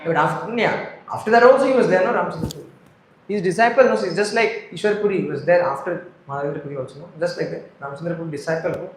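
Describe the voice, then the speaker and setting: Brief: emphatic male scripture teacher, high voice, echoey room. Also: racing. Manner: emphatic, repeating points, asks listeners "right?". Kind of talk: devotional scripture class.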